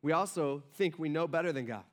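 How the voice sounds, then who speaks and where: A male pastor preaching a sermon in a casual, conversational way, often checking in with the congregation and dropping low and soft for emphasis. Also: a little fast. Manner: conversational, frequent "right?" asides; acts out quoted voices, drops soft and low for emphasis.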